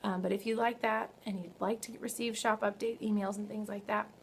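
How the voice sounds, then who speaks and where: A young woman chatting casually on her crafting podcast, her voice sitting at an ordinary middle pitch. She is bubbly and eager, leans on fillers and corrects herself as she goes. A faint hiss sits under the home recording. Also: fairly even intonation, a little fast. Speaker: knitting podcast host. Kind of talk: casual video podcast chat. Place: home, early morning.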